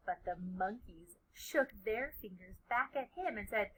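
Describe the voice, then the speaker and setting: A woman preschool teacher reading a picture book aloud to children, dropping to whispers for suspense and getting loud for emphasis. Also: mid-range voice, lively intonation, a little slow, heavy background noise. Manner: dramatic, with hushed asides and loud emphasis.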